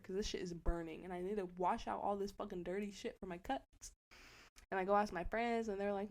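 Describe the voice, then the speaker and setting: A young woman co-hosting a podcast, telling a story casually with lots of swearing and loud acted-out quotes. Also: medium pitch, fairly even intonation, fast talker. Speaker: podcast co-host.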